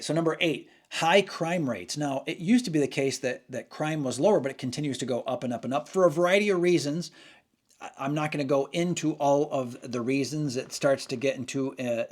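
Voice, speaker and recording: Male host, loose talk-to-camera delivery, meandering and self-correcting. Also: mid-range voice. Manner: rambling, frequent restarts and self-corrections. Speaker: channel host. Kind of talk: casual opinion monologue.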